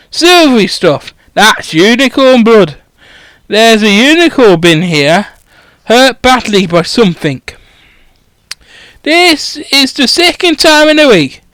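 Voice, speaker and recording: A man voicing a gruff, foul-mouthed groundskeeper who swears constantly and rambles bluntly. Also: very high voice, a bit bright, dry recording, voice pushed up, exaggerated voice.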